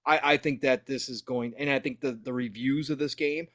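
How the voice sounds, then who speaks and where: A man hosting a casual gaming podcast, talking in an animated, opinionated way and laughing often. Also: mid-range voice, brisk, dry recording, studio quality. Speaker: podcast host.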